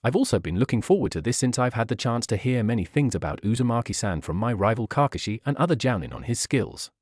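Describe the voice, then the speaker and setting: A man reading aloud as a loud, overexcited adult male martial arts teacher in a fan story. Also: medium pitch, lively intonation, fast, no room sound, clean studio sound, lightly acted. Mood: boisterous. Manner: boisterous, grandiose.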